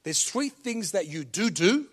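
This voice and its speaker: An older man preaching a sermon, slow and emphatic, swinging between loud commands and quiet low asides. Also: sing-song, husky.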